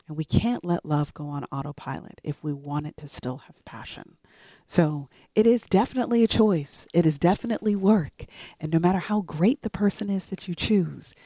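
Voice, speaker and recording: A podcast co-host giving earnest, steady relationship advice. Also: mid-range voice, no room sound, studio quality.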